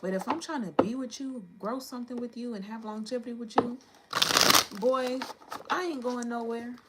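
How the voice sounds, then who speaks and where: A woman's voice: on the high side, normal speed, very noisy. Chatty, slangy woman reading tarot. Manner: chatty, slangy, thinking aloud. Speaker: tarot reader. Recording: clicks and card shuffling behind.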